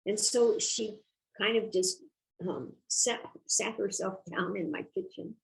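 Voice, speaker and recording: An older woman, a guest author, telling a personal story in a reflective, measured way during a casual interview. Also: mid-range voice, fairly even intonation, vocal fry, low-quality recording.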